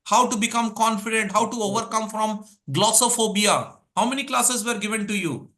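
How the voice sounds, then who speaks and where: High, bright-voiced coach. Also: male voice, normal speed. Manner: energetic, drills points with rhetorical questions and lists. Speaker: English speaking coach. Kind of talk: live workshop teaching.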